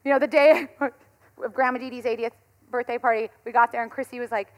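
A woman in her thirties, a pastor, gives a conversational sermon at a brisk pace with a fairly high voice. She tells stories animatedly and laughs often.

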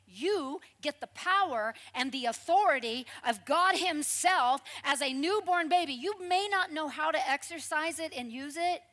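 A woman preaching a sermon in a lively, conversational storytelling way, with frequent asides to the congregation. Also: high-pitched.

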